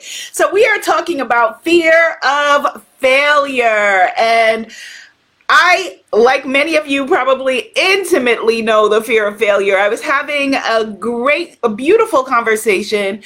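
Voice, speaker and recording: A woman with a high, light voice hosts a spiritual livestream. She talks in a warm, encouraging way, greeting viewers by name and urging them on. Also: expressive. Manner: slow, hushed prayer delivery. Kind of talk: livestream talk with a spoken prayer.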